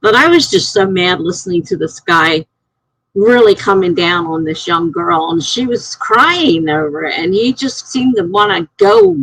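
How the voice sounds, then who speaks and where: A middle-aged woman chats casually on her live stream, reading comments and rambling from one story to the next, and she gets animated when something offends her. Her fairly low voice has a gravelly edge. The low-quality sound is dry and close, with no echo or room around it.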